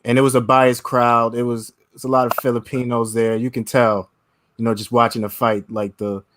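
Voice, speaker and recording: A man who has called into a live stream, chatting in a relaxed, slangy way and laughing easily. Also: mid-range voice, moderate pace, background noise. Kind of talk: casual live-stream chat.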